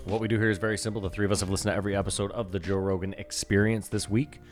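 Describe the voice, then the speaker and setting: A man with a very low voice hosts a casual podcast, joking around and laughing easily with his friends. Faint music sits behind him. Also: level tone, rapid-fire. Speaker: podcast host.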